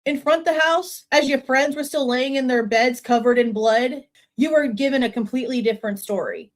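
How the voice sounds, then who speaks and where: A woman with a fairly high voice gives true crime reaction commentary. She picks apart a transcript in a pointed, skeptical way. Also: a little fast.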